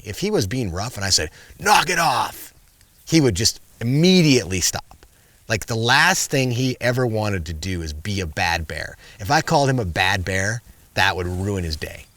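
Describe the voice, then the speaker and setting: A middle-aged man in casual interview chat, an animated storyteller who acts out the commands he once gave his bear. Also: on the low side, moderate pace, no room sound. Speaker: guest, wildlife filmmaker.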